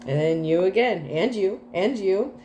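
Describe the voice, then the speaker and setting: A woman's voice: medium pitch, lively intonation, measured pace, warm tone. A woman doing a casual tarot reading, laughing often and swearing freely as she talks. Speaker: tarot reader. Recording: echoey room with faint background noise.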